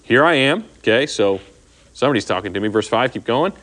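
A man's voice: mid-range voice, animated, brisk, fairly bright tone. A man teaches scripture to a small group in an easy, conversational way. He keeps checking in with "okay?" and acts out the lines he quotes. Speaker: Bible teacher. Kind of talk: informal Bible study teaching.

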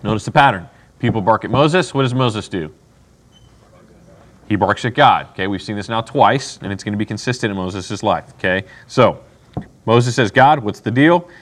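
This Bible study leader has a lowish, somewhat bright voice and a moderate pace. He teaches casually, voicing other people's lines and frequently checking in with "okay?"

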